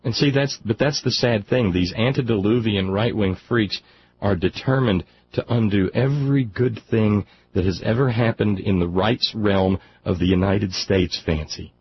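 A man's voice: fairly low pitch, normal speed. A man hosting a political talk radio show, heated and stammering, restarting sentences often. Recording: slightly dull radio audio with faint noise.

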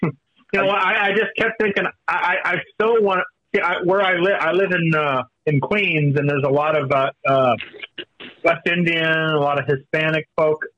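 High bright-voiced caller guy, kinda husky, swearing and laughing, dull dry phone sound. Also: moderate pace, no echo. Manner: excitable, profane, laughing. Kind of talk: call-in chat.

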